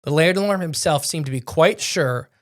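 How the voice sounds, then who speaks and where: A young man in a relaxed podcast setting, narrating a ghost story in a slightly higher-than-average voice. He rambles, restarts sentences and fixes his own slips as he goes. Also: moderate pace. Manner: rambling, self-correcting storyteller. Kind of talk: casual storytelling chat.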